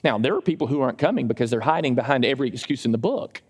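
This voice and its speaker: A middle-aged male pastor preaching a sermon in a church, conversational and emphatic, with sudden jumps in pitch. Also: animated, very fast, slightly rough. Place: church sanctuary. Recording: long hall reverb.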